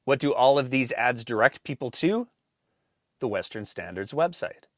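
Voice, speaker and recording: A man's voice: medium pitch, animated, moderate pace, dry recording, clean studio sound. A man hosting a show, reading scripted political commentary in a pointed, sarcastic manner. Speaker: host.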